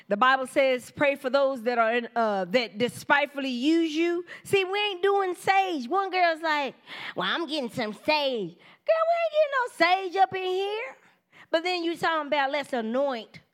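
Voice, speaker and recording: Woman in her forties, high voice, casual sermon testimony, animated and chatty with the congregation. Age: 40s. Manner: animated storytelling, acts out quoted voices, laughs often; informal church talk, addresses the congregation directly. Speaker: preacher giving testimony.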